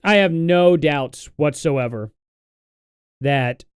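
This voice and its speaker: A man's voice: a little high, takes it slowly, clean tone, no room sound, studio quality. A young adult man hosting a casual live stream, talking in a tired, rambling, sarcastic way.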